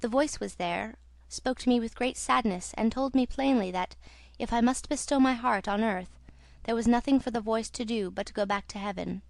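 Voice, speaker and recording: A devoted young female singer pours out her story, read by a woman in a storybook telling. The voice sits fairly high and soft, and the recording is dry and close. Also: normal speed, gravelly, dry recording. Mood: confiding. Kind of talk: audiobook reading.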